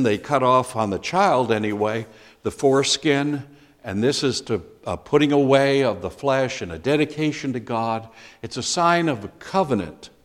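A man teaching a Bible class in a conversational way, asking the group questions as he explains scripture. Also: medium pitch.

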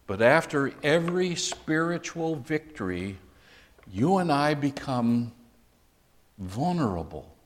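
A middle-aged male pastor delivers a sermon at an unhurried, deliberate pace. His voice rings out in a church hall with a long reverb tail, and he turns suddenly loud when quoting. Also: mid-range voice, sing-song. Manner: slow, emphatic preaching with sudden loud quoted outbursts.

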